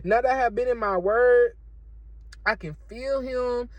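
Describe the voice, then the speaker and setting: A woman's voice: fairly high pitch, unhurried, no echo, muffled recording. A woman, talking through a casual faith testimony vlog in an emotional, repetitive, preachy way, recorded in her car. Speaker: vlogger sharing a faith testimony.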